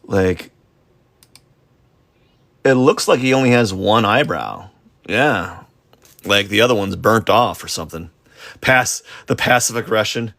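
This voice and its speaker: A man's voice: fairly low pitch, animated, measured pace, vocal fry, pauses often, fairly bright tone, no room sound. A man chatting casually during a live drawing stream, rambling and self-deprecating, with lots of fillers and false starts. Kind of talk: casual rambling chat while sketching.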